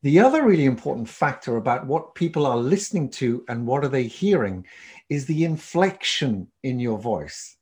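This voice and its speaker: In a presentation skills lesson, a man teaches public speaking at a moderate pace. He explains and demonstrates with lively swings in loudness and pitch.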